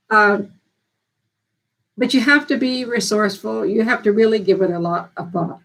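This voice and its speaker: A woman's voice: a little high, poor audio. A woman hosting a live stream and giving advice on dementia care in a folksy, earnest, down-to-earth way. She often repeats and restarts phrases as she thinks aloud.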